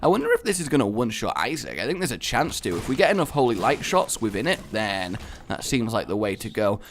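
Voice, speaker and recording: A young man commentating his own gameplay in a jokey, excitable way, breaking into loud, high exclamations. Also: fast, slight background noise. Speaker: gaming video host. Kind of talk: let's play commentary.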